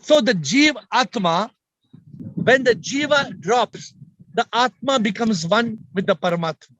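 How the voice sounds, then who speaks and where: Speaking at a measured pace in a very high, animated, slightly bright voice, a spiritual teacher addresses listeners head-on during a group video call. The recording is dry, and he stresses and repeats his points emphatically.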